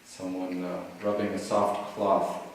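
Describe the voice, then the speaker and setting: A man giving a dharma talk, telling a teaching story in a relaxed way with many "you know"s and "like"s, recorded in a retreat hall. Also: low-pitched, slow pace, slight background noise. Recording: echoey hall, mic at a distance, faint ambience.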